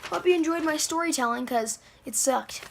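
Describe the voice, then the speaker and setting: A woman rambles through the story of a comic she drew, full of fillers and self-deprecating asides. Her voice is high, with a gravelly, fry-laden texture. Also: normal speed, noisy background. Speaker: channel owner. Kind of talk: rambling home-video storytelling.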